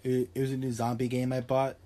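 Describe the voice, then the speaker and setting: A man's voice: medium pitch, monotone, quick pace, mellow, a little hiss or hum. A young man hosting a podcast in casual chat, rambling and joking, swearing often and trailing off into fillers. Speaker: podcast host.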